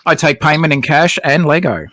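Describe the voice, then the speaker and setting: A man chatting casually on a live building stream, relaxed and jokey, laughing often. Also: a little high, no room sound. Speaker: regular co-host. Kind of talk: casual chat while building.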